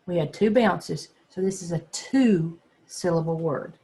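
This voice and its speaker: Teacher for a phonics lesson, mid-pitched, gravelly edge, spells letters aloud patiently. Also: mellow. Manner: patient, sounds words out slowly and spells letters. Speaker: second grade teacher. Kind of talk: phonics lesson for young children.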